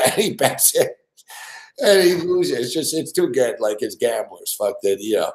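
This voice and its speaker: A man's voice: medium pitch, moderate pace, darkish tone, roomy sound. A man co-hosting a sports betting show, telling stories in casual chat, swearing a lot and laughing as he goes. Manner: profane, laughing storyteller.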